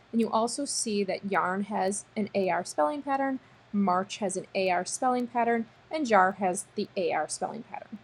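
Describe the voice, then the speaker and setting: A woman teacher leads a recorded spelling lesson, stretching each word out slowly and patiently. Her voice has a soft, breathy edge and sits at an ordinary pitch. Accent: American. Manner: slow, patient, sounds out words.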